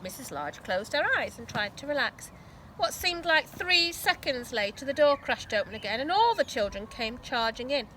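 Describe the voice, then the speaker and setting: A woman teacher reads a children's story aloud. Her voice is high and bright, and she rises and falls expressively. She stops now and then to ask the children questions. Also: normal speed, slight background noise, rough recording. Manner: expressive, asks listeners questions.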